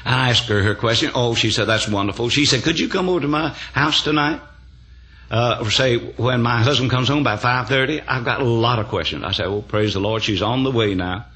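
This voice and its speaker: Older preacher, man, bright voice, folksy storyteller punctuating with amens. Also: medium pitch, a little fast. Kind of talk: sermon storytelling.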